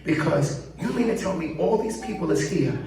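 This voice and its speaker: Male preacher, high pitch, call-and-response sermon, very echoey, distant mic. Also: lively intonation, normal speed, a crowd in the background. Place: large church sanctuary. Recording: echoey church, far from mic, congregation.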